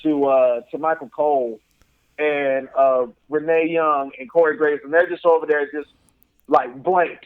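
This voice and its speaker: A man with a high-pitched voice co-hosts a casual podcast. He tells stories with animated energy, acts out the voices and crowd chants, and fills his sentences with "like" and "all of a sudden.". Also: measured pace, clean tone, dry recording, phone-quality sound. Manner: frequent "and then all of a sudden" and "like" fillers. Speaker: podcast co-host. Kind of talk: casual chat.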